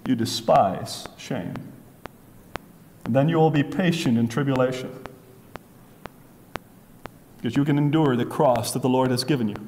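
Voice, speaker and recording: A man preaching a sermon, emphatic, acting out what people say with sharp rises and drops. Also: medium pitch, moderate pace, long pauses. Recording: faint noise, long hall reverb.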